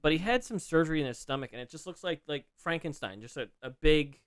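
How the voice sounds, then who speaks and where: A man's voice: fairly high pitch, expressive, fast talker, smooth, dry recording. A man co-hosting a podcast, recapping a wrestling story in casual chat, rambling with frequent restarts and fillers. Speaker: podcast co-host.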